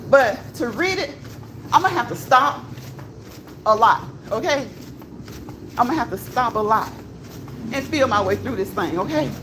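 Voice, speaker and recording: A woman with a fairly high voice hosts a walking vlog, talking casually to her viewers as she goes. She checks in with a steady "okay?" and laughs often. Faint outdoor noise sits behind her voice. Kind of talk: casual chat while walking. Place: outdoors on a walk.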